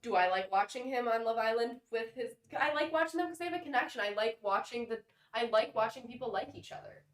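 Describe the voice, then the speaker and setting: A woman's voice: fairly high pitch, lively intonation. Chatty young woman in an echoey room. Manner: chatty, enthusiastic, quick to laugh. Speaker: podcast co-host. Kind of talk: casual recap chat.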